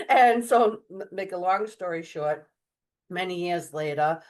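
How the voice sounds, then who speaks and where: A middle-aged woman telling her story as an interview guest, chatty and animated, acting out the voices of people she quotes. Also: on the low side, moderate pace. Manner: chatty, many fillers and restarts. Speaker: guest medium.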